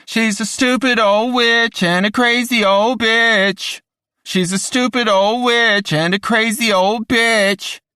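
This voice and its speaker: A man's voice: very high voice, fairly even intonation, slow, sharp tone, clear, resonant tone, no echo, clean studio sound, pitched above the performer's own voice, heavily acted. A man putting on sing-song taunting children. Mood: mocking.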